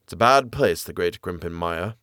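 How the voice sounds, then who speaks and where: A man voicing an eager, knowledgeable naturalist man who explains the moor with lively enthusiasm. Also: deep voice, moderate pace, clear, resonant tone, dry recording, studio quality, pitched below the performer's own voice. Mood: grim.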